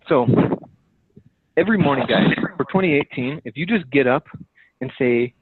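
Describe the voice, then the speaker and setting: A man's voice: medium pitch, moderate pace, husky, no echo. Male team leader, motivational coaching call, punchy and repetitive, thin phone-line audio with no room sound. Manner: emphatic, direct, repeats key phrases.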